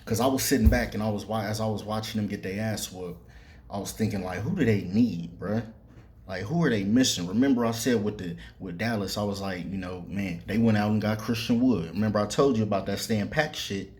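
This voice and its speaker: A man's voice: lowish voice, fairly quick, a little mellow. A man hosting a sports podcast, talking loosely and profanely with many fillers, speaking straight to the players. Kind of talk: casual sports commentary monologue.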